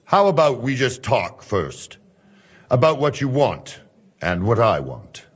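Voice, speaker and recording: An actor playing a cautious male guard from Hungary in a game cutscene, measured and calculating. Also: mid-range voice, big pitch swings, husky, heavily acted.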